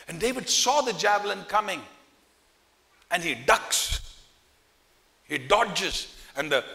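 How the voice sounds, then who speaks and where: A male pastor preaching with lively storytelling in a fairly high, bright voice. He throws questions out to the congregation as he goes. His words ring with long reverb in a church hall. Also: gravelly. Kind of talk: sermon.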